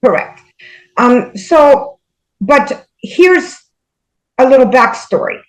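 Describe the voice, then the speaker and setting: A woman guest shares her experiences in an unhurried, halting way, often pausing with fillers. Her voice sits slightly above average in pitch. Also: animated, poor audio. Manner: hesitant, many fillers, measured pauses. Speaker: guest spiritual medium. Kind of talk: casual conversational storytelling.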